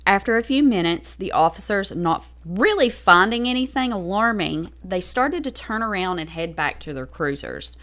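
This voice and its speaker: A woman's voice: medium pitch, expressive, fairly bright tone. A woman hosting a podcast, reading a true crime story from a script and stopping to explain details to her co-host. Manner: reads a script, pauses to explain.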